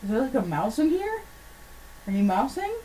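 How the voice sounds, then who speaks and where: A woman's voice: on the high side, sing-song, normal speed, dark tone. A woman co-hosting a podcast in casual chat, giggly and offhand. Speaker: podcast co-host. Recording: distant mic, faint background hum.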